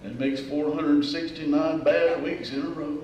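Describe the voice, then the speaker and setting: A male pastor preaching a sermon, animated and humorous, acting out the attitudes he describes. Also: a little high, unhurried, background noise. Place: church sanctuary. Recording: echoey church hall from far off.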